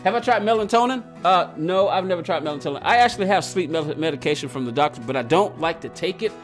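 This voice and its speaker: A man's voice: sits high, lively intonation, fast, faint music behind. A man streaming a racing game live, telling a rambling story with many restarts and answering his chat as he goes. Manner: reads and answers chat aloud. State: agitated while recounting.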